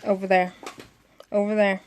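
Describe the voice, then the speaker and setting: A woman's voice: mid-range voice, little pitch movement, normal speed, slight background noise. A young woman, telling a friend a long story in a casual, rambling way, full of fillers and acted-out quotes. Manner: rambling, many fillers, acts out quoted voices.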